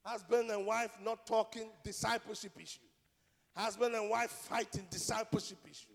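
A man preaching with a high, ringing voice that carries through a large, reverberant hall. He talks emphatically, repeating key phrases and asking the congregation pointed rhetorical questions. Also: fairly even intonation, moderate pace, vocal fry. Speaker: pastor. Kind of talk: sermon.

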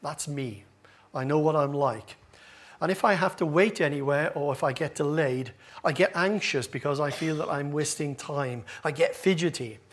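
Pastor guy giving a sermon at church, slightly high voice, cracks jokes at his own expense. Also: normal speed. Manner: humorous, self-deprecating preaching. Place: church with congregation. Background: congregation laughing.

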